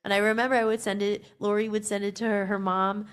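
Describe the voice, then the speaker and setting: A woman's voice: medium pitch, flat delivery, fast talker, clear, resonant tone. A woman hosting a podcast, telling an emotional personal story in a rambling way, with many fillers and restarts. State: tearful at times. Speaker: podcast host.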